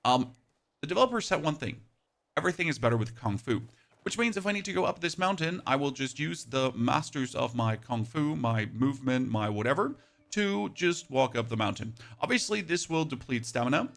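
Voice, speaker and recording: A man's voice: mid-range voice, big pitch swings, vocal fry, a bit bright. A man with a German accent giving enthusiastic commentary over his gameplay footage. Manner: enthusiastic, rapid play-by-play calls. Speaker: gaming youtuber.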